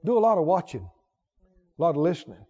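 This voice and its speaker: A man preaching a sermon in a church, fervent and emphatic, swinging from loud to hushed. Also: a little high, sing-song, fast talker, breathy edge. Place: church sanctuary. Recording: lo-fi recording with long hall reverb.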